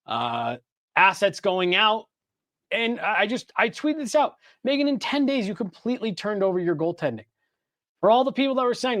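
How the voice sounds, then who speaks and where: A man co-hosting a sports podcast, chatting casually in a rambling, animated way with plenty of fillers and restarts. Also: high voice, normal speed, dry recording, studio quality. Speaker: podcast co-host. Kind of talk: casual hockey podcast chat.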